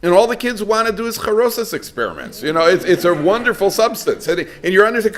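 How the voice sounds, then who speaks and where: Animated storytelling rabbi, a man. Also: high-pitched, fast, few pauses. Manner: storytelling, animated, acts out quoted voices; warm, joking with listeners. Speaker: rabbi giving a parenting talk. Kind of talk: lecture to a live audience.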